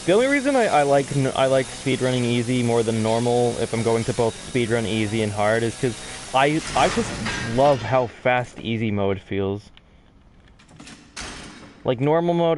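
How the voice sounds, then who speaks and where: Casual male speedrun commentator; chatty and self-deprecating, mid-range voice, faint hiss. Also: mid-range voice.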